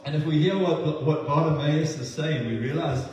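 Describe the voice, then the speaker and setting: Halting preacher in an echoey church hall. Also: male voice, a little high, far from the mic, over music. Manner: halting, with many fillers and restarts. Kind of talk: sermon.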